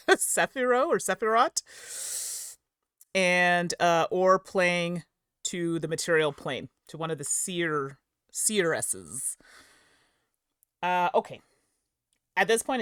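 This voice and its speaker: Woman streamer, slightly low voice, dry close sound, chatty and giggly, keeps correcting herself. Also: fairly bright tone, dry recording. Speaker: streamer and host. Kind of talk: live-stream rules explanation and chat with viewers.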